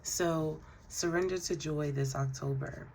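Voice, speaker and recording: A woman doing a spiritual tarot reading. She speaks to the listener directly in a relaxed, affirming way, with fillers and soft laughs. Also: deep voice, measured pace, a little hiss or hum. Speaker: tarot card reader.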